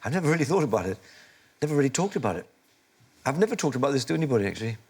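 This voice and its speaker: A man in his sixties speaks in a candid interview, his voice husky with a touch of breath. His pitch moves freely and expressively as he reflects on his life. He talks in a self-deprecating way and laughs easily at himself. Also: sing-song, rapid-fire, darkish tone. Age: 60s. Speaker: actor and interview guest.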